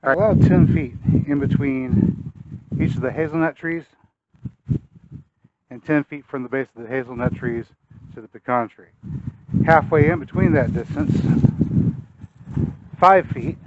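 A man's voice: a little high, a little slow, pauses often, phone-quality sound, very noisy. A man hosting a gardening vlog outdoors, a little out of breath, talking casually and thinking aloud as he plans where to plant. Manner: folksy, thinking aloud while working. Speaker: gardening channel host. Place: outdoors in a yard.

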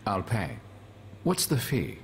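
A man's voice: fairly low pitch, wildly swooping pitch, slow pace, slight background noise, exaggerated voice. An actor playing a brusque, impatient male dealer in a game, curt and sardonic.

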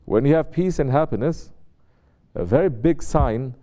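An expressive man with a mid-range, dark-toned voice and normal speed gives a spiritual sermon as a Sufi sheikh. He stays conversational, asking rhetorical questions and dramatizing quotations.

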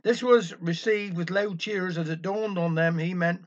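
A man's voice: high voice, fairly even intonation, unhurried. A man with a Cornish accent telling a wry village dialect story. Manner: wry, anecdotal. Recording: dull lo-fi recording.

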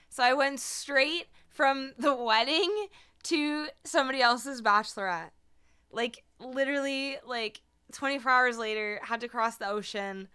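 A woman musician livestreams and chats with her viewers in a bubbly, laughing way, though she's a little tired and her voice isn't at full strength. It's high-pitched, pushed, and bright, with a clean tone.

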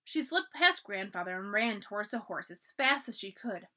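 Library lady reading a kids book out loud, super expressive, pitch all over the place. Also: moderate pace. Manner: expressive, animated narration. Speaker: library storyteller. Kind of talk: storybook read-aloud.

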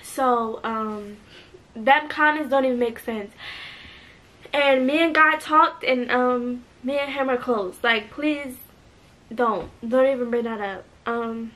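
A teenage girl talking hesitantly and earnestly in a home video, with many pauses and fillers. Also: on the high side, fairly bright tone. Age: teens. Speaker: vlogger. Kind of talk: emotional apology video.

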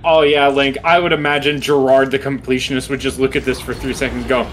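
A man's voice: medium pitch, flat delivery, fast talker, hardly any pauses, faint music behind. A man playing a co-op game with a friend, playful and teasing, breaking into squealing outbursts. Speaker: co-op gaming partner. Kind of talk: casual co-op gameplay chat.

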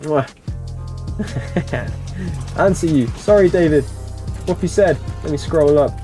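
A man's voice: on the high side, takes it slowly, warm tone. Playful guy on a live game stream, teasing chat, music going in the background.

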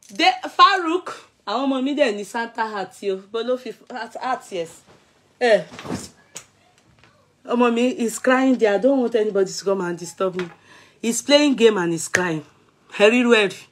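A middle-aged Nigerian woman vlogs in casual chat, playful and laughing often, breaking into snatches of song and mixing in Yoruba and Pidgin. Her voice sits on the high side and sounds pushed and bright.

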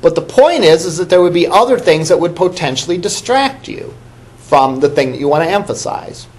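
This college instructor's fairly high, slightly mellow voice moves briskly and with lively intonation, swinging up and down as he talks. Recorded in a classroom, he lectures conversationally, throwing questions to students and repeating what they answer.

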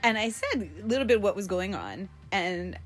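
A woman's voice: mid-range voice, lively intonation, normal speed. A middle-aged woman vlogging a casual video diary at home during quarantine, rambling and frank, swearing freely and coughing now and then.

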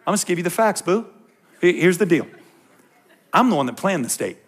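A man in his thirties preaching to a youth group, swinging between quiet explanation and passionate ranting with jokes aimed at the crowd. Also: high voice, very animated, fairly quick, husky. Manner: impassioned, ranting and joking with the crowd. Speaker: youth pastor. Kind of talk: sermon.

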